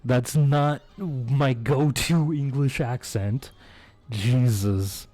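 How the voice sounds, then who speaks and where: A man of middle pitch talks loosely with his viewers during a live game stream. He swears freely, jokes around and laughs a lot, with soft music playing underneath. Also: very slow. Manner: crude, joking, laughs often. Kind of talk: casual live-stream chat.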